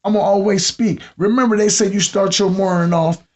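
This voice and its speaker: A man with a Southern US accent hosting a podcast, telling comedic stories about his job and mimicking customers in an animated way. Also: high-pitched, brisk. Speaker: podcast host. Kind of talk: comedic monologue. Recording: dull lo-fi sound.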